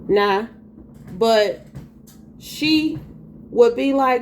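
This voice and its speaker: A woman's voice: fairly high pitch, takes it slowly, a little mellow, slight background noise. A woman giving a spiritual tarot reading in an emphatic, preachy way, with informal slang. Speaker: tarot reader.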